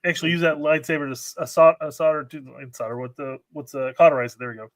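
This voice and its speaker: A man co-hosting a podcast in casual chat, joking and halting with restarts. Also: a little high, fairly even intonation, no room sound. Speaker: podcast co-host.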